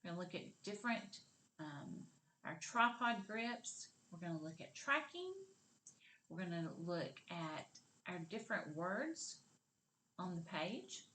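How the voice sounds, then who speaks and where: Slow, patient woman teaching young children. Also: on the low side, sing-song, pushed and bright. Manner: patient and encouraging, stretches out sounds and words. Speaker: kindergarten teacher. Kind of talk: slow, clearly modeled lesson for young children.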